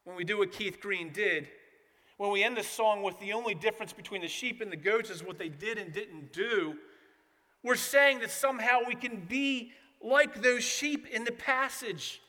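A man's voice: high-pitched, normal speed, sharp tone, big-room sound. A man preaching a sermon as pastor, earnest and emphatic.

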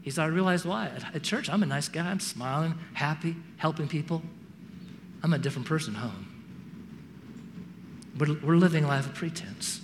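This preacher, whose voice is on the high side, speaks at a normal speed but pauses often as he tells stories within his sermon. He acts out the characters' voices with animation. The sound comes from a large hall, with slight background noise.

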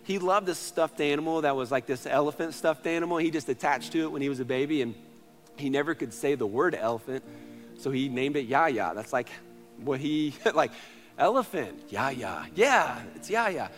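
A man in his thirties, a pastor, preaching a sermon in earnest storytelling style, moving between loud passages and hushed ones. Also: on the high side, fairly quick, soft background music.

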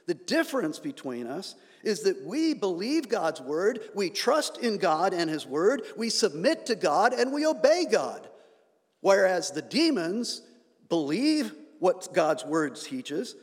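Pastor, man, sermon delivery, slightly high voice, long church reverb, emphatic builds. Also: sing-song, unhurried. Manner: rising emphatic delivery with sarcasm. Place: church sanctuary.

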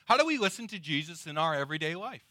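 A middle-aged male pastor preaching with a bright, forceful edge and a slightly high voice. He swings from loud emphasis to hushed, drawn-out words. The sound is dry and close. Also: big pitch swings, no echo. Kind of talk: sermon.

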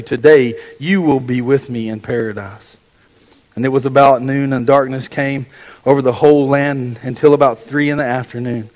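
A man delivers a sermon in an earnest, steady middle voice, stumbling and correcting himself as he reads scripture. The recording carries a long, echoing reverb from a large church room. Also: mid-range voice. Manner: earnest, with repeated restarts and self-corrections. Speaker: preacher. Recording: echoey hall with long reverb.

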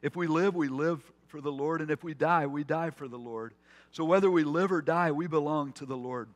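A man's voice: on the high side, moderate pace. A man preaching a conversational sermon as pastor, with asides and restarts. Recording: long hall reverb.

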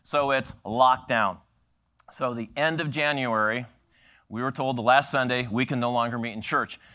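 A middle-aged man preaching a sermon through a long personal story. His tone is bright and forceful, and he slips into little acted-out voices for the people he quotes, chuckling as he goes. The pitch sits in a middle register. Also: normal speed. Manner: animated storyteller acting out quoted voices, laughing often. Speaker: pastor.

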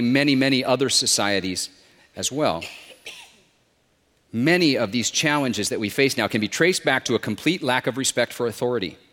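A pastor preaching a sermon, emphatic and posing questions to the congregation. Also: male voice, mid-range voice, a bit bright, in a large hall. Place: church sanctuary with a screen.

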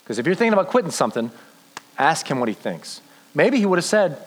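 A man preaching a sermon as a pastor, telling his story earnestly and slowing down for emphasis. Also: on the high side, very animated, low-quality recording.

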